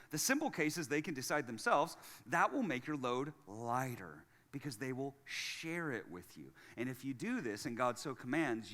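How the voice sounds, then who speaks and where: A man preaching a sermon as lead pastor, chatty and jokey, going from hushed to loud. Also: a little high, long reverb tail.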